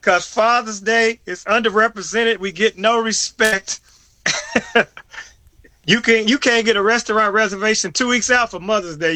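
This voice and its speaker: A male comedian with a high, bright voice joins a radio show over a remote video call. He jokes in a conversational way and now and then stumbles into restarts. The sound is dry and close. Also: no echo. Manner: joking, conversational, some stammering restarts. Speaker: comedian guest. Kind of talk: casual radio interview.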